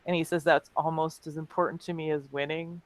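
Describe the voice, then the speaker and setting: A woman co-hosting a casual webcast, with a somewhat low voice for a woman. She talks in a playful way, laughing and acting out quotes. The sound is dry and close. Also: flat delivery, brisk, no echo, poor audio. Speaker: co-host. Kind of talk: casual chat.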